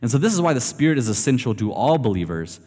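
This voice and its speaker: A man's voice: mid-range voice, big pitch swings, quick pace, a little mellow. A man preaching a sermon in a loose, conversational way, full of fillers and asides. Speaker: pastor. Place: church sanctuary. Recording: long hall reverb.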